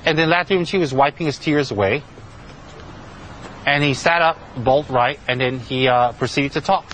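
A monk telling a story in a loose, chatty way. He keeps circling back with fillers and repeats himself, in a middle-pitched man's voice. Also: moderate pace, fairly bright tone, slight background noise, rough recording. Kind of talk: spoken storytelling talk.

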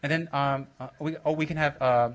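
Here the spiritual teacher talks briskly in a bright, fairly high voice, teasing his students in a loose, rambling way. Expect frequent laughter, playful rudeness, jokes and sudden loud excitement as he coaxes them with questions.

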